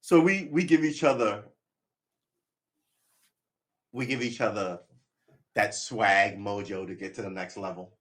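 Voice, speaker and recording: A man's voice: on the low side, normal speed, a bit bright. A man chatting casually on a live stream, rambling and making wry jokes.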